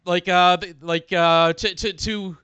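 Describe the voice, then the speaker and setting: A man's voice: high-pitched, steady tone, slow pace, sharp tone, clean tone, highs cut off. A man co-hosting a podcast, chatting casually about a sitcom episode. He stammers, repeats words and laughs often. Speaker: podcast co-host.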